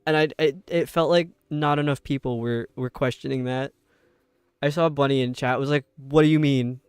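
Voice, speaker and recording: Young man, New York accent, rambly chat, smooth clear voice, dry close mic, faint music behind. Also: mid-range voice, steady tone, dry recording. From upstate New York. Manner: rambling, chatty, sounding out words slowly. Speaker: streamer. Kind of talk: casual chat with viewers while gaming.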